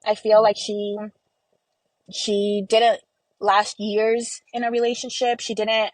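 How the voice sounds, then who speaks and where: A woman's voice: mid-range voice, flat delivery, slow, no room sound, poor audio. A woman speaking as an interview guest in a casual, emotional way, with many "like" and "you know" fillers.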